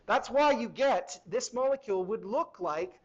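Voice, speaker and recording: A man's voice: extremely high pitch, lively intonation, normal speed, dull audio. A middle-aged man teaching a university chemistry lecture in a hall, conversational and asking the class questions as he goes.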